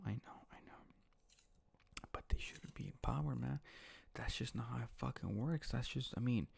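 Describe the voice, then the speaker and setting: Gravelly man ranting and swearing. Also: medium pitch, darkish tone. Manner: heated, swearing, repetitive. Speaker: host of his own online show. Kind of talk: profane ranting monologue.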